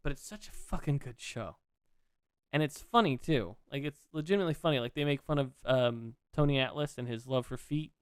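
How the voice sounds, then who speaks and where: A man chatting casually on a podcast, rambling excitedly and swearing freely as he retells what he watched. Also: mid-range voice, fairly quick, clear, resonant tone, dry recording. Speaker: podcast co-host. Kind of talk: casual chat.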